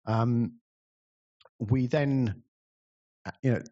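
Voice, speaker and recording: A man's voice: medium pitch, drawn-out words, mellow, dull audio. A man telling a rambling, self-deprecating story about organizing community events, full of fillers. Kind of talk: casual storytelling talk.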